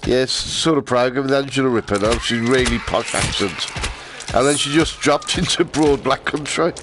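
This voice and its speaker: A man's voice: mid-range voice, moderate pace, noisy background. A man chatting casually and rambling while he streams a VR game, laughing often.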